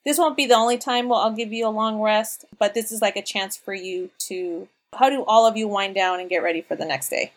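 A woman narrating as game master for a tabletop game, relaxed and chatty. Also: medium pitch, brisk, few pauses. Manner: relaxed, chatty, laughs often.

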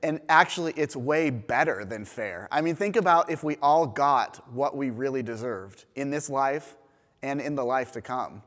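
A man preaching a sermon in a church, retelling a parable in a lively storytelling manner. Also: mid-range voice, moderate pace. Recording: long reverb of a church hall.

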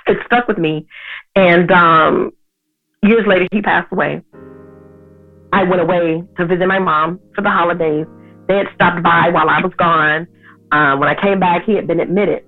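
A woman in her thirties, an interview guest telling a personal story in an animated way, acting out the people in it. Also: on the low side, normal speed, faint music behind. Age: 30s. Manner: animated, acts out others' lines in her story. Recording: tinny phone-like sound.

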